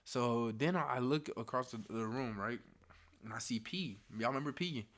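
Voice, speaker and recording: A young man telling a story to camera in casual slang, animated, dropping to hushed tones and then getting loud. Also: mid-range voice, moderate pace. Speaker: storytime vlogger.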